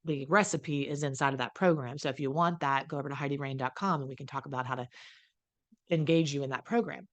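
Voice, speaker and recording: Blunt low-voiced woman coach. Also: fast, dull audio. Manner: blunt and emphatic, swears freely, acts out quoted voices. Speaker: recovery coach. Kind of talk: casual direct-to-camera talk. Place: home.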